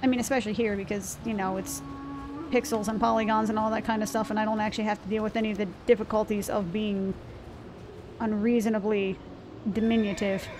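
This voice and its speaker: A woman's voice: mid-range voice, little pitch movement, fast talker. A woman streaming a game, chatting casually and swearing at the monsters she fights. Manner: chatty, profane, talks to the game's monsters. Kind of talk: casual gameplay commentary. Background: game music.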